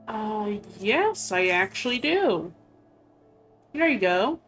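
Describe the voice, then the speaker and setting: A woman streaming a game, talking quietly to herself with fillers and self-corrections. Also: medium pitch, expressive, slow pace. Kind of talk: casual gameplay commentary. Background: faint game music.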